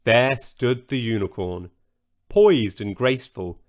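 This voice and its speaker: A man narrating a children's story aloud in an expressive storytelling manner. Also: medium pitch, takes it slowly.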